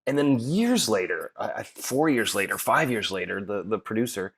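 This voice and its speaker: A middle-aged man with a fairly low voice, telling stories in a relaxed podcast chat. He fills his sentences with fillers and restarts, and laughs often as he goes. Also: normal speed, breathy edge. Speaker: podcast guest, actor. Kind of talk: casual chat.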